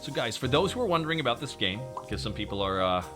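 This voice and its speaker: A man streaming, chatting casually and excitedly, swearing freely as he reacts. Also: medium pitch, fast, over music.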